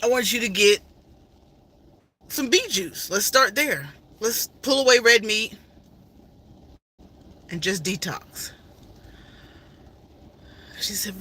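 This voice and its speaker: Middle-aged woman, very bright and sharp tone, heartfelt faith-based storytelling with lots of repetition. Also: mid-range voice, animated, takes it slowly, long pauses, slightly rough. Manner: emotional, repetitive, faith-filled retelling. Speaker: vlogger. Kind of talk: personal storytelling.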